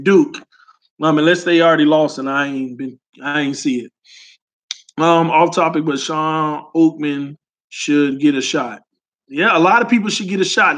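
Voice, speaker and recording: A young man, hosting a casual sports fan talk and reading comments in an animated, emphatic, slangy way. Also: high voice. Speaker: sports fan channel host.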